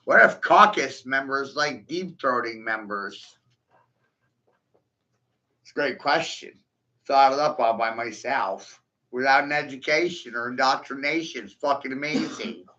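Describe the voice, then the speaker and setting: In a dull lo-fi recording, a man with a medium-pitched, sharp voice goes on a profane, mocking rant. He taunts his listeners and breaks into scornful laughter throughout the monologue.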